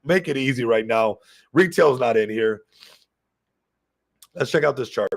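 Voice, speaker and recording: Crypto stream guy, kinda gravelly fry in his voice, mid pitch, gets all excited and talks right at chat. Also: unhurried. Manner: excitable, hyped, keeps addressing the viewers. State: a little sick. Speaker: crypto livestream host. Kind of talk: casual livestream commentary.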